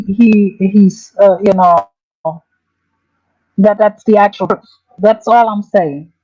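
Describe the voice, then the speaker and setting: A woman hosting a casual livestream, talking in a halting, hesitant way with many restarts. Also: medium pitch, no echo, muffled recording.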